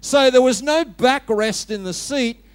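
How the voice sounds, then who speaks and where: Male preacher, high voice, dry close sound, story-driven and funny sermon delivery. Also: unhurried, clear, resonant tone, no echo. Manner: humorous, storytelling, talks directly to the congregation.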